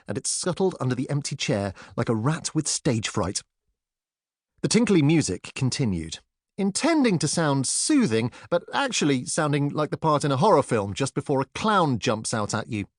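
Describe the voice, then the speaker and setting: A man narrating a children's audiobook in an expressive storytelling manner. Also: a little high, dry recording, clean studio sound. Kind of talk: scripted narration.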